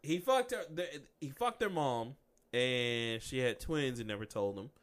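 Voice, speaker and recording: A man co-hosting a casual podcast chat, animated and acting out scenes in funny voices. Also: mid-range voice, a little slow. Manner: animated, acts out scenes with many voices and laughs. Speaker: podcast co-host.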